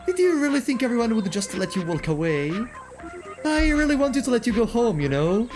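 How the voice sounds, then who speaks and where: A man's voice: very high-pitched, very animated, a little fast. A man voicing a sadistic game-show host in a taunting, theatrical, mock-cheerful way, with game music behind.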